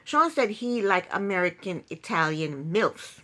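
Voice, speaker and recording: A woman's voice: fairly high pitch, sing-song, normal speed, fairly bright tone. A woman giving a casual, sarcastic recap of a reality show, laughing often. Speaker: TV recap youtuber.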